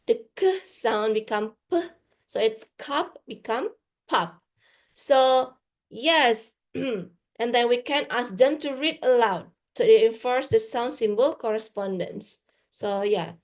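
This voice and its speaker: Indonesian-accented woman lecturing teachers. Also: fairly high pitch. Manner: mixes Indonesian into English, frequent "for example". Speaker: guest lecturer.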